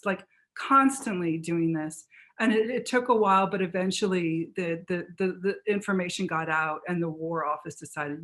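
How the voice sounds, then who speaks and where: A woman author in a book talk conversation, telling history in an animated, fast storytelling way with frequent restarts. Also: on the low side.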